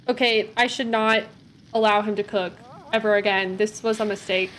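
A woman's voice: medium pitch, fairly even intonation, normal speed, a bit bright. A young woman chatting casually as she plays a game on stream, talking to her characters and her viewers. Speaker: gaming streamer. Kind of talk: casual gameplay chat.

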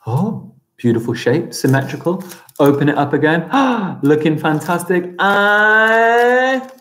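A man's voice: high-pitched, lively intonation, slow pace, a bit bright. A man teaching a live-streamed primary school craft lesson, chatting as he narrates each step aloud. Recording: roomy echo.

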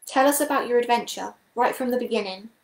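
A woman reading a storybook aloud, voicing a calm, kindly male fox in an encouraging tone. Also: on the high side, fast talker, reverberant, natural voice. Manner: gentle and encouraging.

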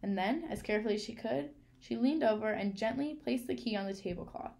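A woman reading a children's novel aloud in a clear, measured storytelling manner. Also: mid-range voice, mellow. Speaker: reader.

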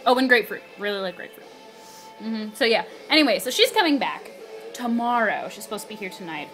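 A young woman chatting casually to her camera in her apartment, excitable and bubbly, with casual swearing. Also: medium pitch. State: hyper and spazzy. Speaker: vlogger. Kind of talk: casual vlog chat. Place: apartment living room. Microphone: handheld camera.

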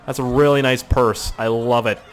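A man giving excitable, joking, profane running commentary while playing a video game. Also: mid-range voice, normal speed. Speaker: gaming commentator. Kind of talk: let's play commentary.

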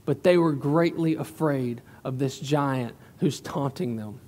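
A man's voice: mid-range voice, a little slow, darkish tone, in a large hall. A man preaching a sermon as a pastor, telling the story in a chatty, emphatic way with asides to the congregation. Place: church sanctuary.

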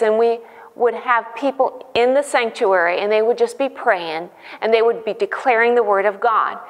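A woman's voice: a little high, in a large hall. A woman giving an earnest devotional teaching, telling a church story with fervor. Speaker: devotional speaker.

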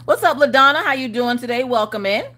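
Woman hosting a craft livestream, bouncy animated voice, jokey and chatty, laughs a lot. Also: fairly high pitch, fast. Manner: chatty, playful, reads comments aloud and laughs often. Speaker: livestream host of a crafting chat. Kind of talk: casual livestream chat, greeting viewers.

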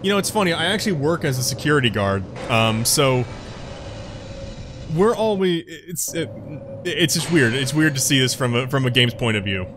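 Animated, apologetic gaming commentator man. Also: mid-range voice, normal speed, noisy background. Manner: rambling, apologetic, self-deprecating. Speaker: let's play commentator. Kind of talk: casual gameplay commentary.

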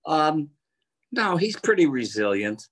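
An older man, a voice actor, answering interview questions over a video call in a relaxed, anecdotal way. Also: a little high, takes it slowly, slightly rough. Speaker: voice actor guest.

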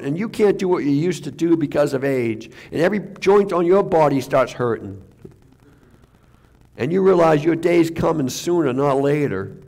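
Gravelly-voiced pastor preaching casually. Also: male voice, mid-range voice, darkish tone. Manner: conversational, with restarts and sudden drops to near-whisper. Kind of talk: sermon.

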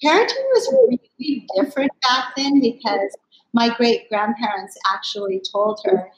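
Expressive older woman telling a family story. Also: on the high side, unhurried, poor audio. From United States. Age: 60s. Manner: animated, expressive storyteller who acts out family quotes. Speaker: company founder speaking at a summit. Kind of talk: personal storytelling in an interview.

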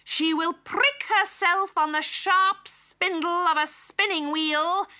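A woman voicing a vengeful wicked fairy who shrieks and cackles in a slow, menacing way, for a children's storybook tape. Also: extremely high pitch, bright, forceful tone, pitched above the performer's own voice, exaggerated voice.

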